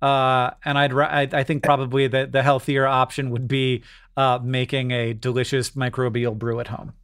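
A man's voice: medium pitch, level tone, normal speed, fairly bright tone, smooth. A middle-aged man co-hosting a podcast, chatting casually in a rambling, self-deprecating way and doing the ad reads. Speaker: podcast co-host.

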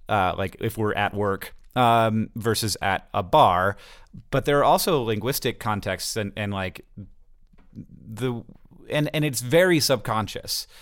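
Smooth-voiced man, hesitant and reflective. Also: lowish voice, fairly bright tone, no room sound, clean studio sound. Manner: hesitant, reflective, many filler words. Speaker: podcast co-host. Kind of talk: casual chat.

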